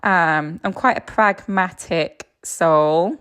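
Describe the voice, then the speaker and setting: A woman speaking for a calm, wry gelding. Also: fairly low pitch, clean tone. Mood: dry calm. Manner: relayed plainly in her own voice, dry and unhurried. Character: calm, wry, independent male horse.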